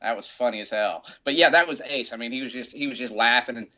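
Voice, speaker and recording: A man in his fifties from Alabama, telling rambling, animated rock-and-roll anecdotes with restarts and swearing as a podcast guest. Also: medium pitch, quick pace. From Montgomery, Alabama, USA. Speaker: guest, rock memorabilia retailer. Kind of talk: casual storytelling chat. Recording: dull, lo-fi sound.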